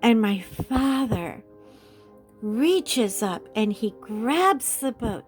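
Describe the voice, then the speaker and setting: A woman hosting a coloring chat, telling a story casually with animated delivery and frequent laughter. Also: on the high side, very slow, soft background music. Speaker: host.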